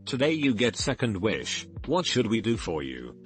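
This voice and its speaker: A man reading as a stern tribal chief, low and flat. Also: normal speed, faint music behind.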